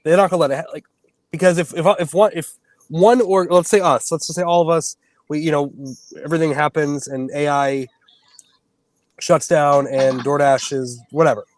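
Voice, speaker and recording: A man talking in a casual chat as a guest, halting and restarting often. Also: fairly high pitch, fairly even intonation, dry recording, low-quality recording.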